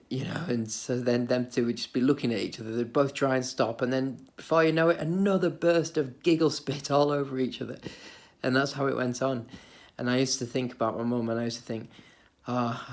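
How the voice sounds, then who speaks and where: Middle-aged man, vlogger, meandering memories, medium voice. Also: medium pitch. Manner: meandering, nostalgic storytelling with chuckles. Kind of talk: rambling monologue to camera. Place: psychiatric hospital.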